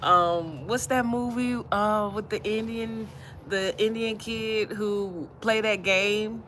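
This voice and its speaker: Slow-talking Southern woman hosting a live chat. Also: mid-range voice, steady tone, a bit bright, slight background noise. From Alabama, US South. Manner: easygoing, laughs often, repeats phrases. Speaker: livestream host. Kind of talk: casual livestream chat reading comments.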